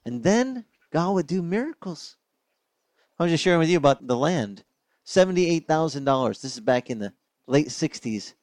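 An older man preaching a sermon as pastor, telling stories with lively acted-out voices. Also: a little high, moderate pace, dry recording, clean studio sound. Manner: animated storytelling, acting out voices of others.

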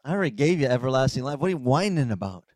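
A man voicing God as a calm, patient heavenly father who gently chides his listener. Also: medium pitch, no echo, voice pushed down. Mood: gently chiding. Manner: unhurried, gently chiding.

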